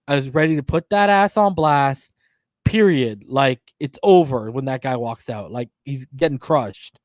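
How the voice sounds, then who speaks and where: A man in his thirties from the northern US, telling a story in casual podcast chat, animated, slangy and profane. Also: fairly high pitch, dry recording. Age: 30s. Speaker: podcast host.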